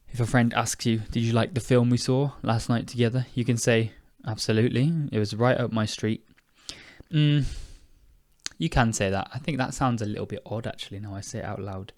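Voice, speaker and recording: A man's voice: on the low side, fairly even intonation, normal speed, no echo, clean studio sound. A young British man hosting an English-learning podcast, casual and self-correcting, sounding tired. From United Kingdom. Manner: chatty, self-correcting, laughs at himself. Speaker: podcast host and English teacher.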